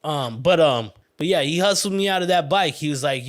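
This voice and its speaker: A man hosting a podcast, telling a childhood story in a rambling, profane, animated way. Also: a little high, fairly quick, hardly any pauses. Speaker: podcast host. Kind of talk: casual storytelling monologue.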